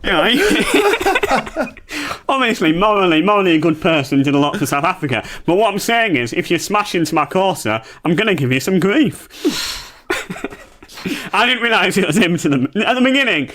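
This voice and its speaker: A man in his thirties spins a ridiculous tall tale with a straight face and plenty of swearing. His voice sits a touch high for a man. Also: moderate pace. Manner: deadpan, sweary, spinning an absurd tall tale. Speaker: podcast co-host. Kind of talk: comic storytelling.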